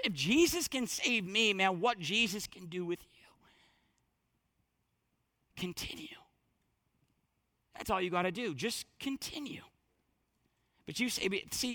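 A male pastor delivers an emphatic sermon in church with a high-pitched voice, swinging between loud declarations and hushed lines that are almost whispers. The recording is clean studio audio with no echo.

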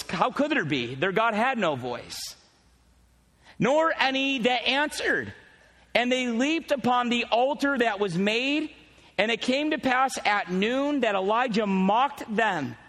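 Preaching in a high, bright voice, a male pastor keeps things conversational and animated, dropping teasing asides to his congregation. The church hall gives his voice a long reverb.

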